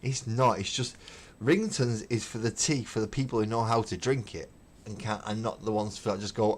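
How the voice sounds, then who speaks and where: A middle-aged man casually chats while painting on his hobby livestream, emphatic, opinionated and swearing as he rants. He speaks at normal speed in a lowish, steady voice, with slight background noise.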